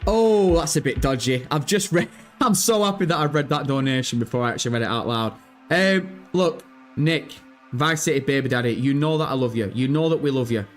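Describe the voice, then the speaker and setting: A man's voice: mid-range voice, expressive, fairly quick, soft background music. A man hosting a live stream, bantering with chat in hyped, slangy talk and reading out donations. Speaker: livestream host.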